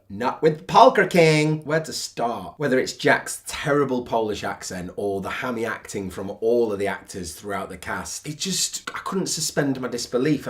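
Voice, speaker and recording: A man giving a casual, candid film review, chatty and sardonic in tone, with blunt asides. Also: mid-range voice.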